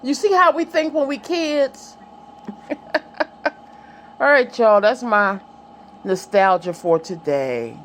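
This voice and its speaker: A middle-aged woman with a slightly high voice chats loosely with her viewers, swinging between storytelling and laughter. She talks to a child now and then. A faint hum sits behind her. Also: lively intonation, takes it slowly, long pauses. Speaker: vlogger. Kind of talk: casual chat, reminiscing.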